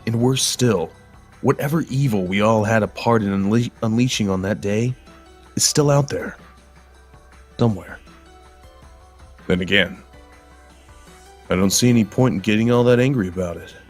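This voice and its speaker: A man's voice: fairly low pitch, moderate pace, long pauses, faint music behind. A man reading a horror story aloud in a grim, bitter, world-weary voice, then chatting casually with his co-hosts. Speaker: guest storyteller.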